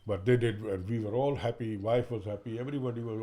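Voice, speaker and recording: Low-voiced father talking haltingly. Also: steady tone, warm tone. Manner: halting, repeats "you know". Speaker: father and carer. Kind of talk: interview.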